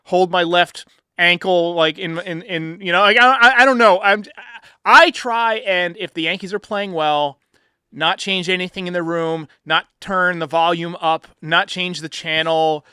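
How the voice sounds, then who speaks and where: Excitable bright-voiced male podcast host. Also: high voice, measured pace, smooth, no room sound, clean studio sound. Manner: excitable, animated storyteller. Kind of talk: casual sports chat.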